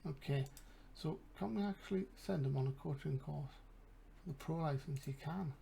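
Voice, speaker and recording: A man's voice: on the high side, moderate pace, creaky, dark tone, slight background noise. A man with an English accent, casually commentating a game and thinking aloud with mumbled asides. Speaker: gaming channel host.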